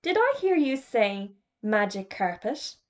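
A woman reading aloud, voicing a brisk, fussy male schoolmaster who snaps and gets easily rattled. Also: mid-range voice, sing-song. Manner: snappish, then faint and flustered.

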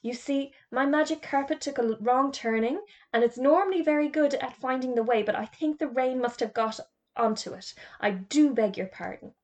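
Woman narrator as a cheerful polite male magician in a storybook reading, slightly high. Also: moderate pace, a little mellow. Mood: cheery. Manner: cheery, apologetic and courteous.

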